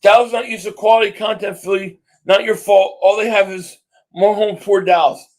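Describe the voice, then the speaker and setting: A man hosting a live sports reaction stream, ranting excitably and often shouting at the game. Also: high voice, normal speed. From Philadelphia area.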